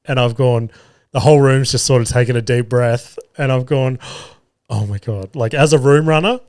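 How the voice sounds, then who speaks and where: A man's voice: medium pitch, a little fast, clear, resonant tone, no echo, clean studio sound. A man, a podcast host and comedy MC, casually telling stories and swearing freely as he acts out what people said. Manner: swears freely, animated retelling with quoted voices. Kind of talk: casual storytelling chat.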